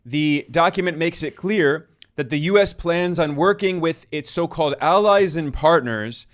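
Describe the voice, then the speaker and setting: A male journalist reading a scripted news report in a measured, emphatic way. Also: on the high side. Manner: measured, emphatic delivery with quoted passages.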